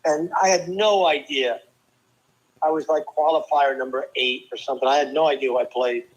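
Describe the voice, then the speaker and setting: An older man from New Jersey, a former tennis player and guest, telling lively stories with quick asides and restarts. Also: mid-range voice, muffled recording. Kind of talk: casual storytelling interview.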